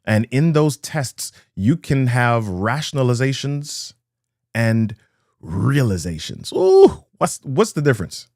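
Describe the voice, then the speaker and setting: A man's voice: medium pitch, animated, takes it slowly, no room sound, studio quality. A man giving a live motivational talk to online viewers. He speaks in rhythmic phrases, repeats key lines and greets viewers by name.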